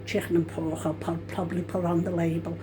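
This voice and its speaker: A woman's voice: fairly low pitch, flat delivery, brisk, dark tone, a little hiss or hum. An older woman, a grandmother cooking at home, who talks in a chatty, rambling way and often corrects herself mid-sentence. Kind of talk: casual cooking vlog. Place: home kitchen.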